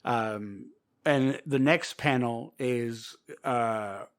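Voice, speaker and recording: A man's voice: medium pitch, very slow. Rambling man retelling a comic story. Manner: rambling, filler-heavy, loosely acts out quoted lines. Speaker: podcast co-host. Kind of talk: casual chat retelling a comic.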